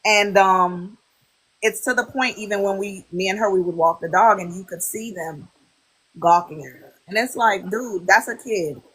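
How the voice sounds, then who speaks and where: A woman's voice: mid-range voice, normal speed, slightly rough, low-quality recording. A woman in her thirties chatting as a podcast guest, telling stories and acting out quoted voices. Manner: animated storyteller, quoting others in lively voices. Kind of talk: casual podcast chat.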